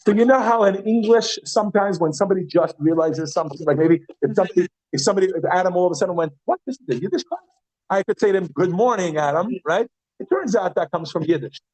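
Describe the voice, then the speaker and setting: Man, classroom teacher, slightly high voice, chatty, repeats words slowly, quizzes the class. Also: a little mellow, rough recording. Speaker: Yiddish teacher. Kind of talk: classroom lesson.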